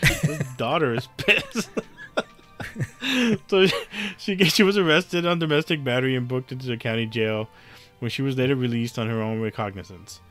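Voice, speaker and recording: A man co-hosting a casual podcast, reading odd news stories haltingly and laughing at them. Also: mid-range voice, fairly bright tone, soft background music. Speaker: podcast co-host.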